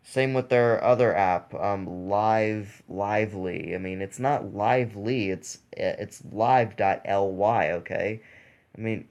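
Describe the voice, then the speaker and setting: A man's voice: fairly low pitch, slow, darkish tone, lo-fi sound. A young man hosting a mobile gaming channel, rambling in casual gameplay commentary with lots of fillers and restarts.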